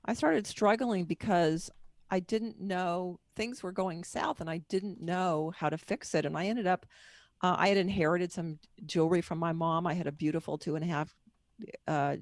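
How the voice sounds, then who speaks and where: A middle-aged woman guest speaks candidly and at length, her voice gravelly with plenty of fry. The sound is close and dry, with no room echo at all. Her storytelling is personal and wanders from point to point. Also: lowish voice. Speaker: guest author and book marketing coach. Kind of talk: candid podcast interview storytelling.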